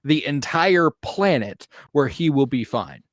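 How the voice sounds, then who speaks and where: A man's voice: fairly high pitch, animated, measured pace, no echo, studio quality. A man co-hosting a podcast, chatting casually and opinionatedly about a movie, swearing now and then with plenty of ums. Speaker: podcast co-host. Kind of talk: casual movie review chat.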